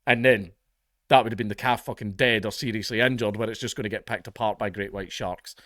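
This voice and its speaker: A man's voice: lowish voice, fairly even intonation, brisk, a bit bright, dry recording, studio quality. A Scottish man hosting comedic news commentary, blunt, profane and exasperated. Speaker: online commentary host.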